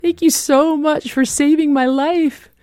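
Woman voicing a thin emotional guy calling to say thanks, pitched way up. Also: fairly even intonation, a little slow, darkish tone, dry recording, clean studio sound. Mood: tearful gratitude. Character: rescued man, weak and tearful on a phone.

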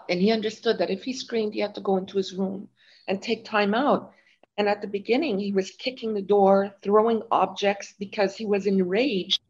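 A woman's voice: mid-range voice, muffled recording. An older woman from Montreal, a guest author chatting in an interview and telling stories with lots of fillers. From Montreal, Canada. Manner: chatty, animated storytelling with fillers. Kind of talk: interview chat.

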